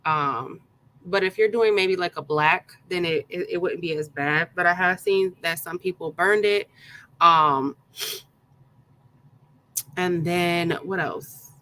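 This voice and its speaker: In a low, sharp-toned voice, she talks slowly with long pauses while hosting a craft tutorial live, saying hello to viewers by name and filling gaps with ums. The recording quality is low, and the feel is casual live-stream chat.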